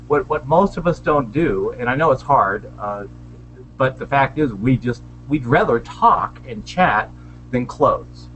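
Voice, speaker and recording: A man's voice: medium pitch, animated, measured pace, fairly bright tone, a little hiss or hum, poor audio. A man on a panel, chatty and self-deprecating, giving sales tips in a casual video call discussion. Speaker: panelist, small business owner. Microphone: video call webcam.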